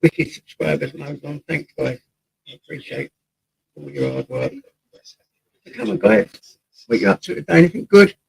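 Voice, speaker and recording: A chatty English man runs a laid-back live stream from home, greeting each viewer by name and reading chat aloud while at times leaning off his desk mic. His slightly high, gravelly voice swings hugely in pitch at a moderate pace with long pauses, on a low-quality recording.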